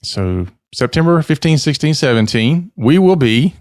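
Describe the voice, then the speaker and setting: A man's voice: a little high, sing-song, moderate pace, darkish tone, no room sound, studio quality. A man hosting a podcast in casual chat, joking and laughing often. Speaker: podcast host.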